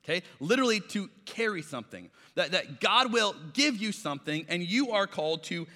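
A man's voice: high-pitched, big pitch swings, fairly quick, bright, forceful tone, in a large hall. A man preaching a sermon, telling stories in a conversational way and acting out the voices of the people in them. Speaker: pastor.

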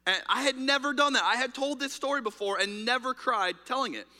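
A pastor's sermon echoes through a church auditorium, spoken by a man with an extremely high, bright, forceful voice at a fairly quick pace. He keeps it candid and conversational, full of fillers and restarts.

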